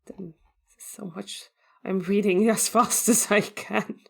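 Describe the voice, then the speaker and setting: Woman, podcast co-host, casual chat, thinking aloud, dry wit, mid-pitched voice. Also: fairly even intonation, slow pace, gravelly, slightly rough. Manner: thinks aloud while reading, dry humor. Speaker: podcast co-host and episode editor. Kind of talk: casual chat about tabletop games.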